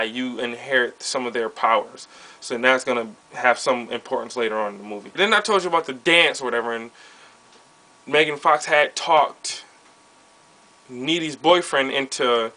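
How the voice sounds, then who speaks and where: A man's voice: mid-range voice, pushed and bright. A man giving a sarcastic, rambling casual movie review rant.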